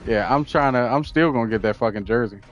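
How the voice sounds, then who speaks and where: A man's voice: medium pitch, quick pace, muffled recording. A man co-hosting a podcast in casual chat, laid-back and agreeable, laughing along and chiming in. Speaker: podcast co-host.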